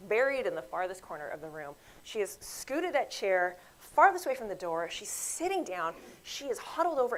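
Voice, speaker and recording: A woman physician with a slightly high voice gives a grand rounds lecture, telling clinic stories with lively flair, acting out quoted voices, and addressing her audience directly. The recording is low quality, with a little hiss or hum.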